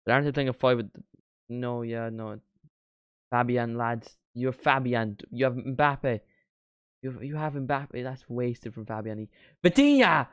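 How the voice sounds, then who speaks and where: A young man commentating on a live match for his stream, his voice sitting in a middle pitch and sounding dry and close to the mic. He chats along casually with viewers and jumps loudly at goals and near misses. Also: clean tone, no echo. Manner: excitable, shouts at big moments, chats to stream viewers. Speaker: watchalong streamer. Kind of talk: live football watchalong commentary.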